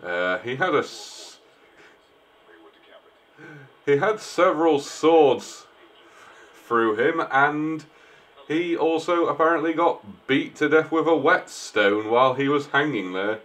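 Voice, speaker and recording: Here a man's slightly high, somewhat bright voice comes through animated yet unhurried, with frequent pauses. He's a streamer playing a game, offering laid-back, jokey let's-play commentary and responding to the characters.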